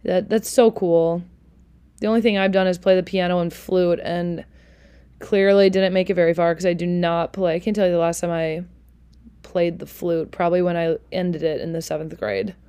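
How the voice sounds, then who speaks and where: A woman's voice: fairly low pitch, steady tone, normal speed, mellow, smooth. A young adult woman hosting her own podcast, talking casually and candidly, self-deprecating and swearing now and then. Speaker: podcast host. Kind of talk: casual solo podcast monologue.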